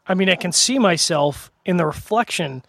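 Co-host, man, talkative and joking, slightly high voice, very dry close sound. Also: expressive, normal speed, gravelly, a bit bright, no room sound. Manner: chatty, playful, laughs easily. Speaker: co-host of a drinks tasting show. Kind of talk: casual chat.

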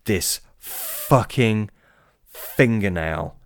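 A man's voice: on the low side, animated, dry recording, studio quality. A man telling a spooky fishing story in casual talk, swearing often and stumbling over restarts. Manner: swearing, halting with many restarts. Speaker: storyteller guest. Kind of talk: casual spoken ghost story.

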